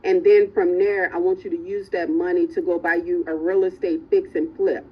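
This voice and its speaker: An emphatic woman coaching her students live, her voice husky and a little raspy. The audio is muffled and low-fi, as if it came through an online call. She keeps checking in with her listeners. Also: flat delivery, normal speed. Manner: motivational, emphatic, repeats "right?" and "okay?". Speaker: real estate coach.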